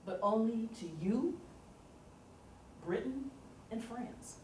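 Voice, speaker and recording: A woman lecturing on history in a lively storytelling way, laughing often along the way. She is picked up from a distance in an echoey hall, with a faint hum underneath. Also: a little high, takes it slowly. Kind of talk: university lecture. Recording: roomy, distant lecture recording.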